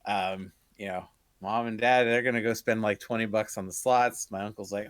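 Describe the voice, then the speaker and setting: A man's voice: on the low side, steady tone, normal speed, fairly bright tone, no room sound. A young man telling a casual, profane story on a podcast, laughing through his punchlines. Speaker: podcast co-host.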